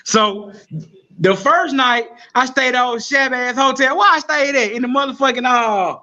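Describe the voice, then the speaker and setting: A man telling profane, animated street stories as a guest on a live stream. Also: very high-pitched, normal speed, highs cut off. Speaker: guest rapper. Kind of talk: casual storytelling on a live stream.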